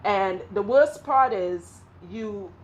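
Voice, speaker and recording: A woman's voice: medium pitch, takes it slowly, lo-fi sound. A woman with a Trinidadian accent telling an emotional personal testimony, candid and rambling, often restarting her sentences. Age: 20s at surgery, now older. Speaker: hairstylist and vlogger.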